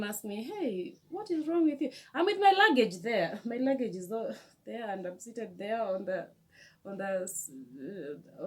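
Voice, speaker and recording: A young woman with a Kenyan accent, telling a storytime vlog in an animated, emotional way with many restarts. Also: medium pitch. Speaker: vlogger.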